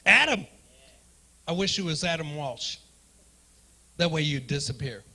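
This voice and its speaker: Brash high-voiced comedian, bright and loud. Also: male voice, animated, unhurried, vocal fry. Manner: brash, profane crowd work. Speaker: stand-up comedian. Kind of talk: stand-up comedy set. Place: comedy club stage.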